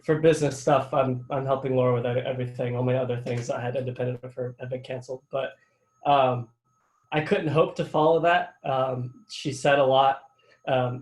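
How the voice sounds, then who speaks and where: A young man, a student government vice president, giving a halting, informal farewell speech with many fillers over a video call. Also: mid-range voice, a little mellow, echoey room, poor audio. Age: young adult.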